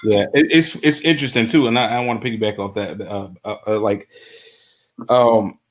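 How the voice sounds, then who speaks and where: A man from the US East Coast, chatting as a roundtable guest, halting and searching for words with many fillers. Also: fairly low pitch. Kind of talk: casual chat.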